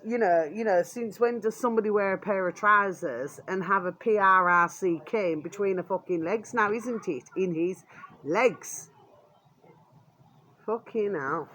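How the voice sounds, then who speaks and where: A woman's voice: mid-range voice, a bit bright. A British woman vlogger ranting angrily to her channel, swearing constantly and falling back on the same filler again and again. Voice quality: swears constantly, repeats "there we are" as a filler; coarse and blunt. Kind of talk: angry ranting vlog.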